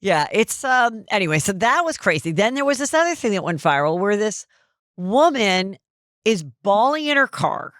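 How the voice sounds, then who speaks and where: A woman hosts a gossip podcast, chatting casually at a medium pitch. She tells stories animatedly and slips into the voices of the people she quotes. The room sound is dry and close. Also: very animated, normal speed, fairly bright tone, dry recording. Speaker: podcast host.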